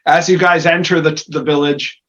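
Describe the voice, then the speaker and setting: A man's voice: fairly high pitch, steady tone, normal speed, a bit bright. A man narrating as game master of a tabletop game, rambling with many fillers. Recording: dull lo-fi recording.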